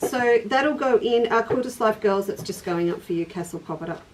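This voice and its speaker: Here the craft shop host sounds brisk, her medium-pitched voice set against a noisy background and captured by a far-off mic. She's chatty and laughing during her casual stitching livestream, demonstrating techniques and replying to viewers.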